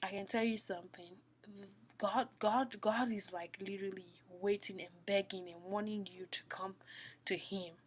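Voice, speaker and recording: A woman giving a heartfelt devotional talk, earnest and repetitive, often falling to a soft whisper. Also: mid-range voice, fairly even intonation, moderate pace. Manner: earnest, repeats phrases, drops to soft whispers. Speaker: Christian speaker.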